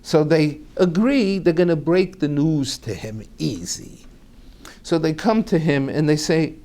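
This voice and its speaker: A man tells a family story aloud, slowly and with great animation. His fairly high voice rises and falls widely as he acts out each character in turn. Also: expressive, dark tone.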